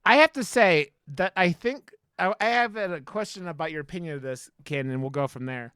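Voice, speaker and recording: A podcast co-host chatting casually at a middle pitch, rambling and swearing, with many "like"s and restarts. The recording is close and dry. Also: a little fast, fairly bright tone, clean tone, no room sound. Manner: rambling, profane, lots of likes and restarts. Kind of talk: casual chat.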